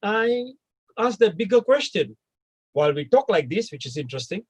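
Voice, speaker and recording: A man speaking on a discussion panel, animated and full of questions, sometimes voicing imagined speakers. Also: high-pitched, normal speed, slightly rough, low-quality recording. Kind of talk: discussion talk.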